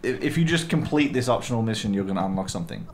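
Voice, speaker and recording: Wry young man with animated delivery. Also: lowish voice, racing, slight background noise. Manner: dry, wry, swears casually. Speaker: co-host. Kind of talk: casual gameplay chat.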